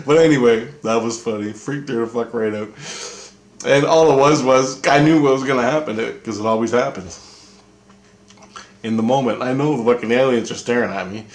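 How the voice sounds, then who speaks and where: A man's voice: mid-range voice, moderate pace, pauses often, reverberant. A man from Canada telling a personal story in a rambling, profane way, often repeating himself. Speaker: vlogger telling experiences. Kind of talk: casual storytelling.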